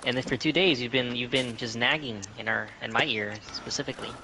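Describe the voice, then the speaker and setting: A young American man with a gravelly, creaky voice, chatting over a headset while gaming. He teases and lectures his friends, repeating his point, and the noisy recording is full of clicks. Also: mid-range voice, fairly quick, pushed and bright. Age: young adult. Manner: teasing, lecturing, repetitive. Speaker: gaming streamer. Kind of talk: casual chat while gaming.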